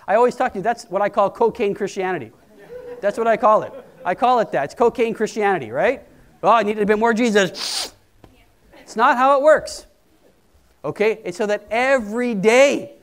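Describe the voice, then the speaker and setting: A man preaching a sermon in a conversational, emphatic way. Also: high voice. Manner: conversational, emphatic, quoting people in put-on voices. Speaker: pastor.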